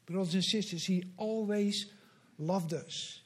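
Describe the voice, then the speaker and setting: High-pitched guy preaching, earnest and slow, repeats stuff for emphasis. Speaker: pastor. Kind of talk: sermon.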